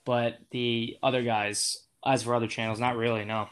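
A man's voice: medium pitch, little pitch movement, moderate pace, clear, resonant tone. A young man as an interview guest, talking in a casual, rambling way with lots of fillers and restarts. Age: young adult.

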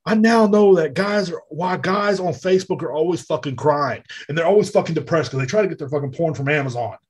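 A man hosting a podcast, ranting with loud, profane exasperation in a comedic monologue. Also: a little high, brisk, slightly rough. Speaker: podcast host. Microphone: podcast mic.

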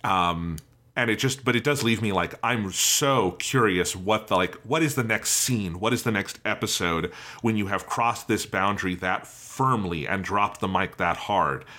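A man's voice: fairly low pitch, unhurried, sharp tone. A man casually discussing an anime episode as co-host, enthusiastic and reflective. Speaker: podcast co-host.

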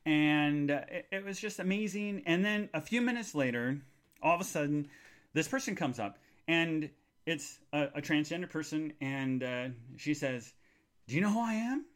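A middle-aged man hosting a live podcast, rambling excitably and squealing at the high points. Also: moderate pace. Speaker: podcast host.

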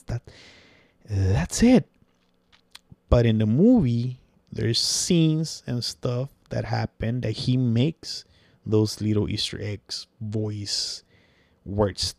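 A man's voice: lowish voice, slow pace, gravelly, a little mellow, no echo. A man hosting a podcast, chatting in a rambling, profane way and slipping in words. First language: Spanish. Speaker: podcast host. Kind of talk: casual opinion chat.

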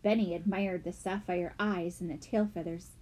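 A woman narrating a children's mystery audiobook with expressive storytelling. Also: lowish voice, moderate pace.

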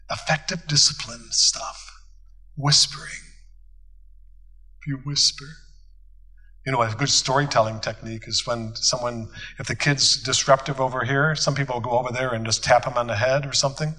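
A man's voice: mid-range voice, pushed and bright, low-quality recording. A man, a pastor, teaching a church conference group in a folksy, storytelling way, acting out bits of dialogue. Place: conference hall.

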